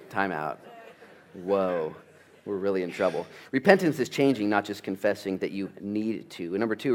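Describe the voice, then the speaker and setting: A male pastor preaching a sermon, telling family stories with lively acted-out dialogue. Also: low voice. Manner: animated storytelling, acts out family dialogue.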